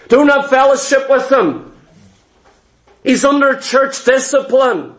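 High-voiced impassioned male preacher. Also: animated, slow pace, pauses often, a bit bright. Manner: impassioned, dramatic storytelling. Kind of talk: sermon.

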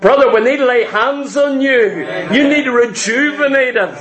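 A man's voice: very high voice, measured pace, crowd noise. A man preaching a sermon, emphatic and repetitive, acting out voices of his congregation. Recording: echoey church hall.

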